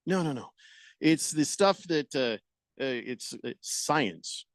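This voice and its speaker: A man's voice: mid-range voice, animated, slow pace, no echo. A middle-aged man on a radio show, telling a long story in a rambling way, full of restarts and fillers, into a studio mic. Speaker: radio co-host. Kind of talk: casual radio banter.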